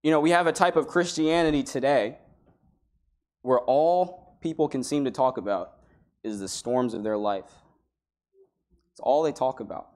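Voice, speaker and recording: A man's voice: medium pitch, normal speed, long pauses, a little mellow. A man preaching a sermon in a church, talking in a conversational way and acting out the people he quotes. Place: church sanctuary.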